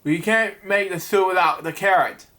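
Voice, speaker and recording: Impatient hungry diner from a storybook, read by a man, plain delivery, high bright voice. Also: moderate pace. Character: hungry, impatient restaurant customer, adult man.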